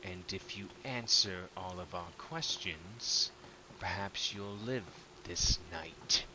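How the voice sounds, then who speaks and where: A hooded kidnapper mutters his threats low and steady, as a man puts him on. The voice is slow and bright-edged. A faint hiss sits behind it. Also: heavily acted, rough recording. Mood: threatening. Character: menacing hooded male kidnapper.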